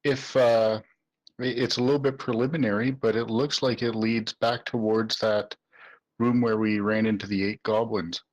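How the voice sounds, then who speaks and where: A man's voice: fairly low pitch, fairly even intonation, moderate pace, rough recording. A man playing a tabletop game, speaking casually and with some hesitation. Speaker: player.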